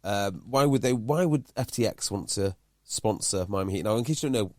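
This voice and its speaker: A man's voice: fairly low pitch, lively intonation, a little fast, dry recording, studio quality. A man, a podcast host talking casually and explaining a point at length. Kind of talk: casual chat.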